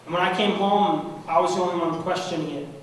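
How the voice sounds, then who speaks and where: A young man giving an award acceptance speech, heartfelt and halting, clearly emotional. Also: high-pitched, steady tone. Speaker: award recipient. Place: large banquet room at an annual meeting. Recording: echoey hall from far off, noisy.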